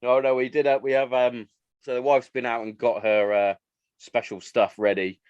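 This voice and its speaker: In a clean, echo-free but lo-fi recording, a podcast host in his thirties talks casually and acts out what his relatives said while telling stories. He speaks in a mid-range voice at a moderate pace, with a flat, slightly mellow delivery.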